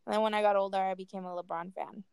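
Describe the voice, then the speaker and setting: A woman's voice: mid-range voice, fairly even intonation, racing, creaky, darkish tone, smooth, no room sound. A young woman co-hosting a casual chat, talking in a laid-back, wry way with lots of fillers.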